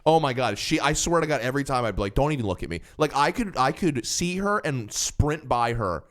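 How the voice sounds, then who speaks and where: A man's voice: mid-range voice, animated, a little fast, fairly bright tone. A man co-hosting a podcast in casual chat, joking, swearing and laughing often. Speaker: podcast co-host.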